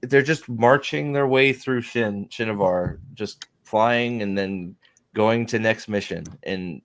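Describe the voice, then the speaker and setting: A man's voice: fairly low pitch, slow, fairly bright tone. A man in casual book discussion, rambling and restarting, swearing often and acting out scenes. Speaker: podcast host.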